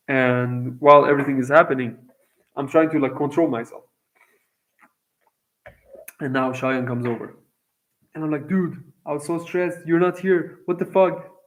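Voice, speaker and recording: A man's voice: medium pitch, low-quality recording. A young man from Iran telling a long personal story in a casual, profane, rambling way, with lots of fillers. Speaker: vlogger.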